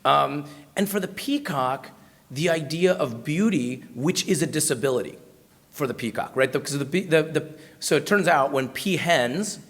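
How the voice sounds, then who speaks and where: A man's voice: on the high side, lively intonation, normal speed, fairly bright tone. An American man giving a storytelling talk at a university, chatty and self-mocking, with lots of fillers and restarts. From United States. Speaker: guest speaker at a university.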